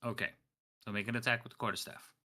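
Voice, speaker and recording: A man acting as game master in an online tabletop game, explaining rules quickly and laughing often. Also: mid-range voice, little pitch movement, sharp tone.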